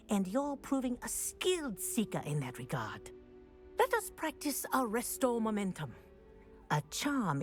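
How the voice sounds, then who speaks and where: A woman voicing a composed female professor in a video game, speaking with precise, formal delivery. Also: medium pitch.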